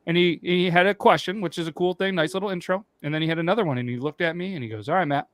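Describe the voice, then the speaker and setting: A man's voice: high voice, very fast, no echo. A man co-hosting a podcast, telling crude jokes in casual banter and leading the show's segments. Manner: joking, crude humor, runs the show segments. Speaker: podcast co-host.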